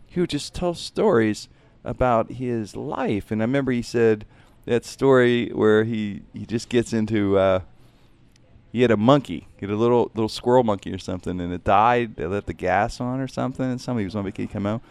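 Low-voiced, rambling comedian. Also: male voice, fairly quick, darkish tone, no echo. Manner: rambling, reflective, says "man" often. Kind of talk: casual interview chat.

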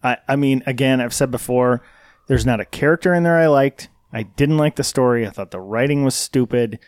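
A man's voice: mid-range voice, brisk, darkish tone, no echo, clean studio sound. Man praat bot en zelfspottend. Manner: blunt, self-mocking nerd. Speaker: podcast co-host. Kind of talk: casual chat.

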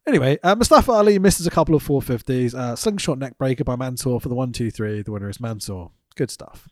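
Man, wrestling podcast co-host, lively swearing, very animated pitch, dry close sound. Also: quick pace, no room sound. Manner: sweary, animated, laughs often. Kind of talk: casual wrestling review chat.

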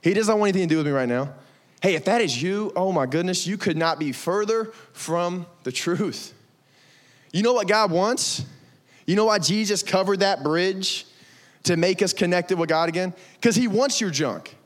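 A young man preaching a lively, conversational sermon to middle schoolers, acting out quotes and saying y'all. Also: high voice, unhurried. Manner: animated, conversational, says y'all, acts out quotes. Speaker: youth pastor. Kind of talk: youth sermon.

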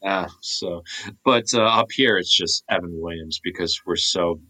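His voice sits low and runs a little slow, with a sharp tone, over poor audio. A man in his 30s co-hosting a podcast, he chats casually and meanders, restarting often and leaning on fillers.

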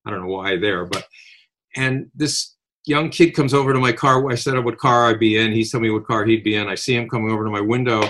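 An older man casually telling long, rambling personal anecdotes, animated, with restarts and quoted dialogue. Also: on the low side, quick pace. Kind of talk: casual conversational storytelling.

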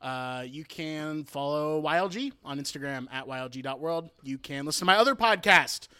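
A man's voice: on the high side, normal speed, bright, forceful tone, clear, resonant tone. A man hosting a casual podcast, joking and laughing as he signs off. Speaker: podcast host.

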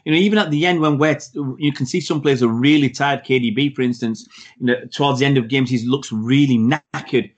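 A man's voice: mid-range voice, a little fast, muffled recording. A man co-hosting a podcast, talking about football in an emphatic, opinionated way. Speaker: podcast co-host. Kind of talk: casual football chat.

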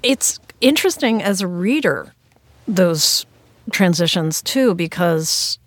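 A woman interviewer with a notably low voice, recorded dry with no room sound. She asks her questions thoughtfully and warms into enthusiasm as she goes. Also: lively intonation, slow pace, no echo. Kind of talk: interview conversation.

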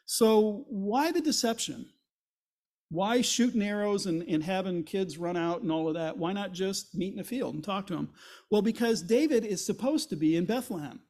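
A man's voice: high voice, moderate pace, darkish tone. A male pastor preaching a sermon, retelling a Bible story in a casual, conversational way and acting out the characters' lines. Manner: acts out quoted voices with rising intensity.

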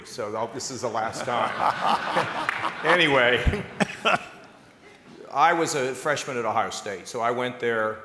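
A wry man in his sixties tells a story briskly, with a dry joke never far away. His voice is low but bright and forceful. He is heard in a large hall with a long echo and faint background noise. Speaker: guest speaker. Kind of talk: anecdotal storytelling on stage.

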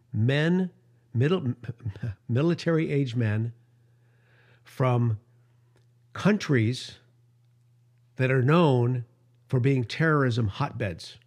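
A man hosting a radio show and podcast, talking in an emotional monologue that climbs higher in pitch when he is outraged and sometimes stumbles over his words. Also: darkish tone.

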